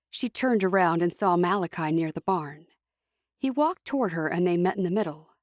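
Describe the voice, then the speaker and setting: A woman narrating an audiobook in an expressive storytelling manner, on a close studio mic. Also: lowish voice, normal speed, dry recording. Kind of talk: scripted narration.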